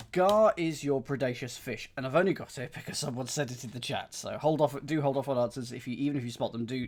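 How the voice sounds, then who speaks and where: A man's voice: mid-range voice, gravelly. A man streaming as he solves a crossword, thinking aloud, questioning himself and chatting with his live chat. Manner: muses and questions himself aloud, with frequent fillers and self-corrections.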